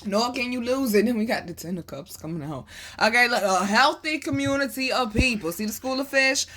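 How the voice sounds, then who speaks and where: A woman giving a casual tarot reading to her viewers, animated and preachy, calling them baby and boo and swearing freely. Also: on the high side, brisk. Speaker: tarot reader.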